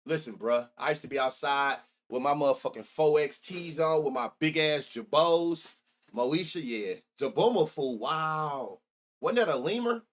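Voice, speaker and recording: A man's voice: on the high side, lively intonation, unhurried. A middle-aged man hosting a sports betting live stream, chatting loosely and profanely while reminiscing and reacting to his chat. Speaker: sports betting show host.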